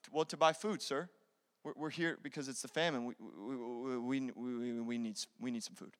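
A man voicing fearful, stammering brothers who beg for food in a hushed, pleading voice. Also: medium pitch, fairly even intonation, moderate pace, voice pushed down, close to an everyday voice. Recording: long hall reverb.

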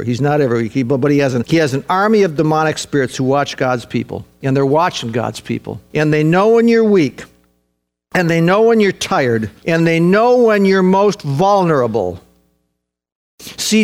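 A man with a high voice preaches a sermon over faint background music. He swings between earnest, urgent exhortation and quiet reflection. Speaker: pastor.

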